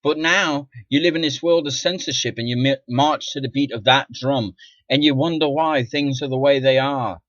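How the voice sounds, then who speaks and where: An indignant middle-aged man rants into the camera, cursing freely and swinging between low muttering and loud outbursts. His voice sits at an ordinary pitch. The recording is dull and lo-fi, with a dry, close sound. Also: normal speed, no room sound. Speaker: vlogger. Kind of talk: ranting monologue to camera.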